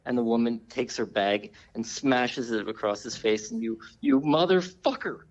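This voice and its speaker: A man's voice: medium pitch, flat delivery, normal speed, muffled recording. A man calling in as a guest, telling a story casually and repeating words as he goes. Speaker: phone-in guest.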